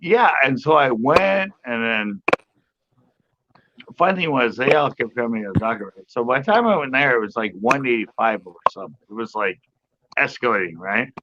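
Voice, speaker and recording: A middle-aged man in casual storytelling on a podcast panel, rambling and animated as he acts out other people's lines. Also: mid-range voice, moderate pace. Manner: rambling, animated retelling with quoted voices. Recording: muffled lo-fi audio with background noise.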